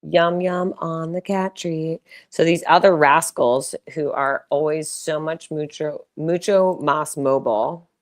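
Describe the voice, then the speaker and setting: A woman's voice: deep voice, fairly even intonation, slow pace, hardly any pauses. A young woman live-streaming from home, chatting casually and playfully, often slipping into baby talk for her cats.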